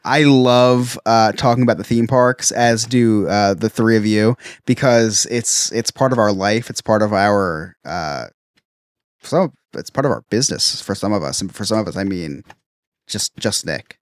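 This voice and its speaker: A man's voice: fairly low pitch, a little slow, no room sound, clean studio sound. A man in his thirties hosting a casual podcast chat, talking in a chatty way with many stammered restarts. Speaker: podcast host.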